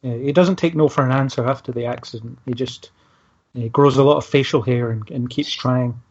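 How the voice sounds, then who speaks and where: A man's voice: medium pitch, a little fast, a little mellow, husky. A man hosting a casual film discussion, easygoing and hesitant, talking things through with fillers. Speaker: podcast host. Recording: dull lo-fi podcast audio.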